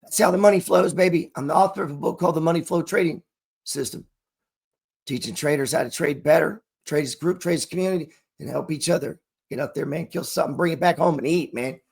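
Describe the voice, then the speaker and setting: A middle-aged man with a high-pitched voice gives a motivational talk to camera. He talks in street slang and swears freely while coaching listeners on trading and money. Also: fast talker, vocal fry, darkish tone, slightly rough. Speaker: trading coach and channel host.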